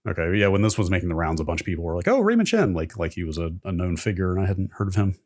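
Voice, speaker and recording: Man, podcast co-host, lowish voice, curious, asks questions, casual chat. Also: steady tone, racing, a little mellow, no echo, studio quality. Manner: curious, asks questions, reads aloud from a post.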